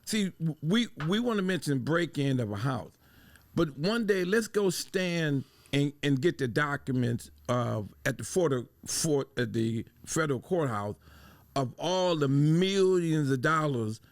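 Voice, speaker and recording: A man's voice: a little high, lively intonation, unhurried, no room sound. Talkative man from Detroit telling a story. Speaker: podcast co-host. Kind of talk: casual discussion.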